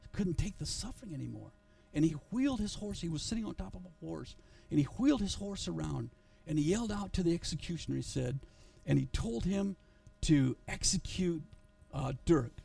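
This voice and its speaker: A male pastor tells a story in a church sermon, earnest and often restarting his phrases. His voice sits slightly high with a gravelly, mellow edge. The mic picks him up from some distance in the sanctuary.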